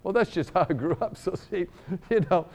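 High-pitched and a little fast, a middle-aged man from New York preaches, weaving jokes into an animated healing story. He plays out both parts of the dialogue.

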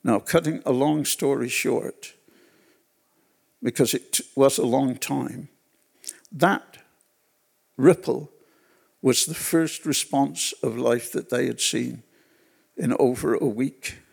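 A man preaching a sermon at a church gathering, telling personal stories in an unhurried way and repeating phrases for weight. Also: medium pitch, vocal fry, darkish tone, husky. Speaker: pastor.

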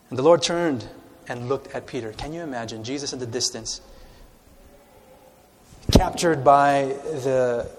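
A male pastor preaching a sermon who is emphatic and swings between loud proclamations and hushed asides. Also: mid-range voice. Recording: long reverb of a large hall.

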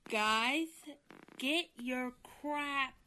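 A woman talks in a preachy, scolding way. Her voice sits very high and bright, and she takes her time over each phrase. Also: drawn-out words. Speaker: TikTok creator. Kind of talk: lecturing social media clip.

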